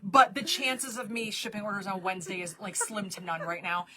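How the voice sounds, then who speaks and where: A woman running a casual live stream for her shop, chatty and quick to laugh. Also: medium pitch, steady tone, sharp tone.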